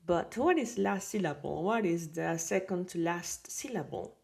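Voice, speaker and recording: A woman's voice: fairly low pitch, animated, normal speed, creaky, a little mellow. A woman with a Colombian Spanish accent giving a patient beginner Spanish lesson. She repeats words and keeps checking with "right?" and "okay?". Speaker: Spanish teacher. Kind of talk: slow explanatory lesson.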